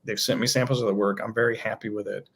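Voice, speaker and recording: Podcast guest, male, husky gravel in the voice, rambles eagerly. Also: on the low side, steady tone, fast, fairly bright tone. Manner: enthusiastic, rambling explanations. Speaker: toy designer guest. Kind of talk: casual podcast chat.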